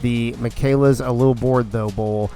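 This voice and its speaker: A man's voice: medium pitch, moderate pace, soft background music. Bantering male stream host. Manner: bantering, excitable. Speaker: league host. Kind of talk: casual stream hosting.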